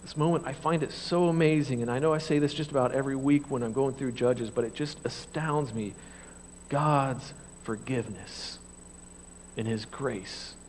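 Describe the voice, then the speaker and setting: A middle-aged man preaching a sermon as pastor, speaking conversationally and swinging from hushed, low passages to loud, raised ones when he voices God and the people. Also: moderate pace, slight background noise, low-quality recording.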